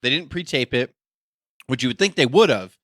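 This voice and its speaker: A man co-hosting a podcast in casual chat, telling a story with lively energy, acting out quotes and swearing freely. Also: medium pitch, fairly quick, no echo, clean studio sound. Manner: animated storytelling, acting out quotes, frequent profanity. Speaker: podcast co-host.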